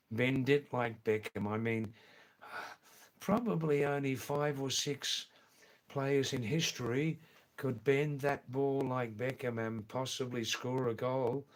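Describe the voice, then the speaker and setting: A man live streaming, chatting in a rambling way and answering viewers by name. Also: medium pitch.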